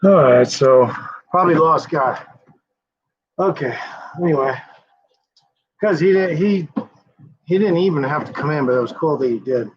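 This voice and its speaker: A man's voice: on the high side, lively intonation, normal speed, pauses often, breathy edge. A man hosting a casual livestream, rambling and cursing freely, often trailing off with fillers. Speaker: livestream host. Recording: dull lo-fi sound.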